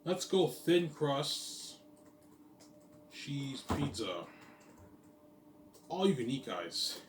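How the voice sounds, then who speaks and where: In a mid-range voice with big swings in pitch and drawn-out words, a man talks loosely about his company's plans. His repetitive monologue returns again and again to "yeah, man" and "look at that," recorded from a distance in an echoey space with faint ambient noise.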